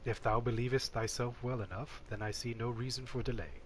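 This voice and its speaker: A man's voice: medium pitch, fairly even intonation, fairly quick, slight background noise, lightly acted, poor audio. A man reading a stiff, archaic game scholar. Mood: formal. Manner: stiff, ornate archaic diction. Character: formal male game scholar speaking archaic English.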